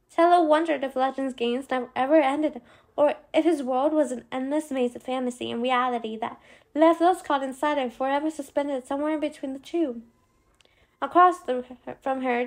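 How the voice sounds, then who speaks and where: A woman reads a novel aloud with a high voice and a gravelly, fry-tinged edge. Her narration is expressive, with small slips as she reads. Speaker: audiobook narrator. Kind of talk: scripted narration.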